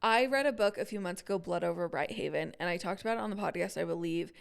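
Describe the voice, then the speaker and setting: A woman co-hosting a podcast, chatting casually about books with quick asides. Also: lowish voice, creaky, clear, resonant tone. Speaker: podcast co-host. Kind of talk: casual chat.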